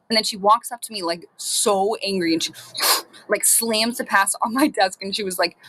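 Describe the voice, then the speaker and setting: A middle-aged woman telling funny personal stories in a casual, animated way, often laughing. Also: medium pitch, fairly quick. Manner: lively, laughing between lines. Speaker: storyteller. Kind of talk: casual anecdote.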